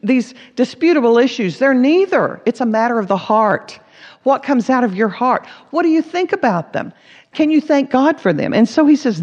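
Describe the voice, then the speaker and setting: A woman's voice: on the high side, sing-song, normal speed, darkish tone. A woman teaching a sermon, earnest and emphatic, repeating words for stress. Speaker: Bible teacher. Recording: dull recording with long hall reverb.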